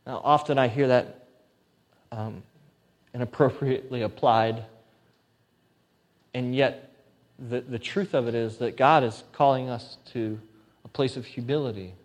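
A man's voice: mid-range voice, darkish tone, big-room sound. A man preaching a sermon, reading scripture in an earnest, pleading way and mixing in conversational asides. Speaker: pastor.

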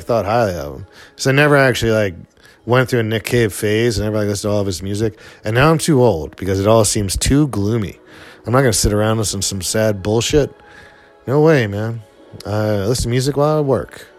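Middle-aged guy rambling through a movie commentary, ordinary pitch, faint music behind. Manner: rambling, lots of fillers, chuckles often. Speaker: film commentator.

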